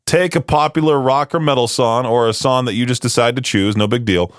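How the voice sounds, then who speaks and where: A man's voice: mid-range voice, fairly quick, clear, resonant tone, dry recording. A man hosting a radio show in a studio, chatting casually with lots of fillers and self-deprecating asides. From United States. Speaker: radio host.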